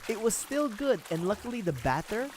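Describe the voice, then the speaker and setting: A man's voice: high voice, very animated, normal speed, a little hiss or hum. A young man streaming, chatting casually and rambling, with frequent laughs. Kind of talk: casual livestream chat.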